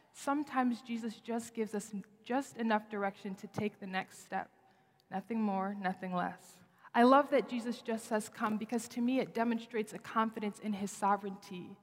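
A young woman giving an earnest, expressive sermon at a worship service, her voice lifting for emphasis. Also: on the high side. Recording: long reverb of a large hall.

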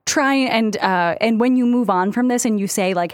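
A woman's voice: a little high, moderate pace, dry recording. Thoughtful woman podcast co-host. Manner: warm-hearted, thoughtful, complimentary. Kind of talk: casual advice chat.

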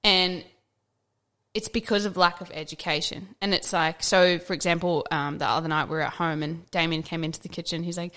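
Animated young woman telling stories. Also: fairly low pitch, fairly quick. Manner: earnest, animated storyteller, acts out quotes, swears casually. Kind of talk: casual chat.

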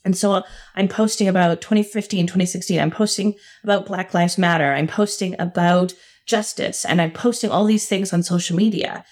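A woman's voice: on the low side, fairly even intonation, moderate pace, a little mellow. A middle-aged woman telling a personal story as a podcast guest, earnest and emphatic with frequent laughs.

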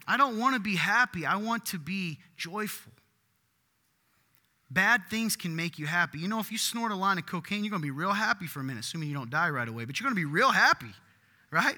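A man preaching a sermon in a church, animated and breaking into loud emphatic bursts. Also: high-pitched, fairly quick, in a large hall. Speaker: pastor.

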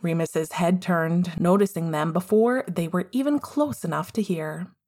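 A woman reading a fan story aloud in a calm, measured way. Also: fairly low pitch. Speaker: audiobook reader. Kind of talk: storybook narration.

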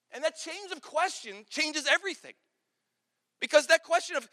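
Man pastor, very high bright voice, earnest storytelling sermon, long hall reverb. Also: fairly quick. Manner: earnest storytelling, repeats words when excited. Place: large hall with an audience.

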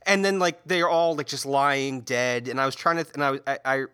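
A man co-hosting a comedy podcast, riffing with deadpan absurd bits in casual chat. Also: mid-range voice, a little fast, clean tone, no room sound, clean studio sound. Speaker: podcast co-host.

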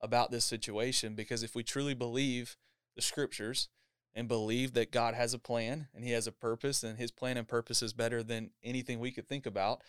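A man's voice: mid-range voice, level tone, brisk, clear, resonant tone, no room sound, studio quality. A man hosting a church podcast, talking in an upbeat, casual interview style and laughing often.

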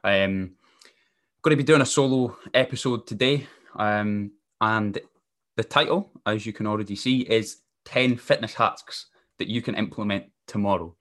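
Male podcast host, fairly low voice, easygoing rambling delivery with ums and restarts. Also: moderate pace, a bit bright. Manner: casual, rambling, frequent fillers and self-corrections. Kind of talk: solo podcast talk.

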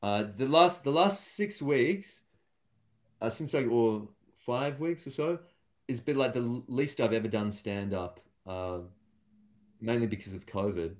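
A man's voice: mid-range voice, lively intonation, measured pace. A man, a stand-up comedian and guest, talking casually and thoughtfully in an interview, with many fillers and restarts.

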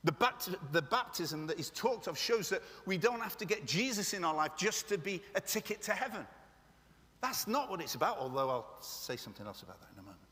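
A man delivers a sermon with passion, breaking off for joking asides to his congregation. His voice sits high and sounds bright and forceful. It carries the long echo of a large hall. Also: sing-song, a little fast. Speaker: preacher. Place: church meeting room. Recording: echoey hall.

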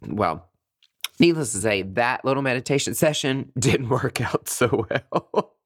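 Animated man telling a funny story. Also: mid-range voice, a little slow, breathy edge, no echo, studio quality. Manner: animated, laughs often, acts out his own reactions; breaks into giggles mid-sentence. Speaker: nurse telling a personal story. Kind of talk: casual storytelling monologue.

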